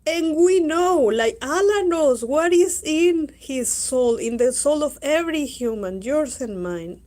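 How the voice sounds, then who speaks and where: A woman's voice: high voice, animated, a little slow, darkish tone. A woman with a Spanish accent, a Spanish-speaking teacher giving an earnest, repetitive religious talk in English, with non-native grammar. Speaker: Islamic teacher.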